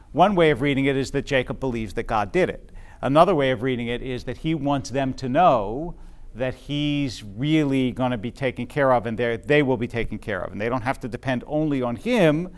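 With a mid-range voice, a man teaches Bible study to a group present in the room. He reasons aloud with many fillers and restarts and frequently checks in with those listening.

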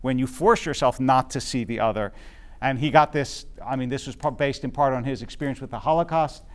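A man's voice: medium pitch, a little fast. A man teaching a Bible class to a live group, thinking aloud with frequent fillers and restarts and often checking in with his listeners.

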